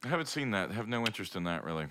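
A man's voice: on the low side, sing-song, racing, background noise. A man co-hosting a podcast in casual chat, laid-back and teasing. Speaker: podcast co-host, musician.

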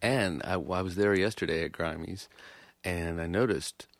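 An American musician in casual chat as a podcast co-host, self-deprecating and quick to laugh. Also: male voice, low-pitched, vocal fry, no echo. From United States.

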